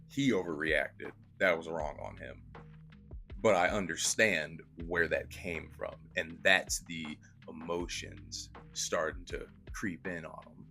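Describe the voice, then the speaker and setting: A man giving a casual, slangy and profane film review, retelling scenes with animated energy. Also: deep voice, unhurried, soft background music.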